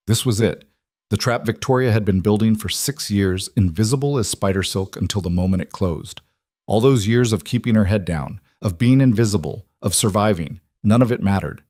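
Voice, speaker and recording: A male narrator reads a dark romance story in a measured, dramatic way. His voice sits on the low side, and the recording is close and dry. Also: no echo.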